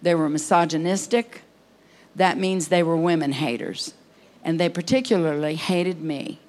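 A woman preaching at a conference service, impassioned, swinging between near-whispers and loud cries. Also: on the low side. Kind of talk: conference sermon.

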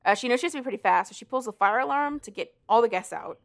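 Her voice is a little high, expressive, and racing as she co-hosts a podcast. She retells a book's plot in rambling, casual chat, swearing a lot.

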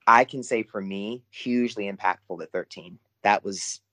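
Effusive man with a lowish voice, co-hosting a casual podcast discussion. He piles up restarts and repeated words as he hunts for the phrasing he wants. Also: normal speed, a bit bright. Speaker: podcast co-host.

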